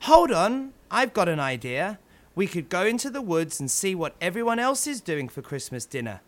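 A man voicing an eager little Christmas elf who talks in an excitable, high voice. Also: normal speed. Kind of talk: storybook character voice.

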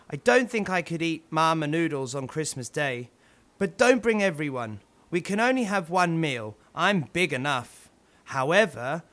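A man's voice: a little high, fairly bright tone. A man voicing a worried, pleading Santa Claus in a storybook tale. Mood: hopeful. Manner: fretful, pleading. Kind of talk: storybook character voice.

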